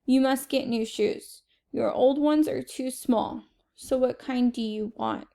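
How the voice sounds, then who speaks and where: A woman's voice: sits high, steady tone, slow, creaky, dark tone, full character voice. A woman reading aloud and voicing a fussy, worried mother who frets and insists. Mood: firm. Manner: fretful, insistent.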